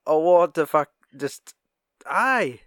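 A man's voice: a little high, lively intonation, slow pace, fairly bright tone, no echo, studio quality. A young man in casual chat, swearing often, laughing and acting out film quotes.

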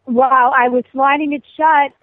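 A middle-aged woman calling in by phone, telling stories about herself in an animated, self-mocking way. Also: high-pitched, unhurried, no room sound. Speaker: guest caller, host's mother. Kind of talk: phone-in chat. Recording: tinny, dry phone line.

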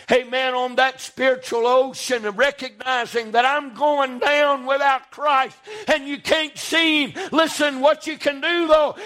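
A male preacher with a very high-pitched voice. He preaches with fervour, swinging between hushed passages and loud, shouting bursts. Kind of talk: sermon.

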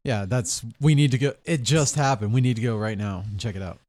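A man's voice: medium pitch, brisk, darkish tone, no room sound. Hesitant player man, dry close sound. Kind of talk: playing a tabletop game.

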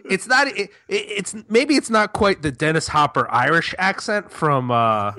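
A man's voice: high voice, lively intonation, normal speed, pushed and bright. A man on a casual movie podcast, hesitant, restarting and thinking aloud. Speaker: podcast co-host. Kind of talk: casual chat.

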